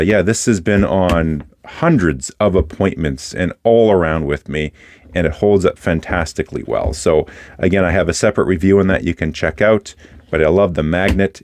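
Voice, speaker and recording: A man with a low voice talks casually about his gear, relaxed and chatty, with plenty of fillers and restarts. The sound is dry and close, with no room echo. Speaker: host of a fountain pen channel. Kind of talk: casual product review talk.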